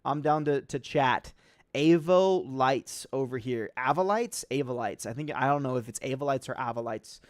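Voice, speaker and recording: A man's voice: mid-range voice, moderate pace, no room sound. A young man hosting a casual livestream, answering chat questions in a loose, slangy way with lots of fillers.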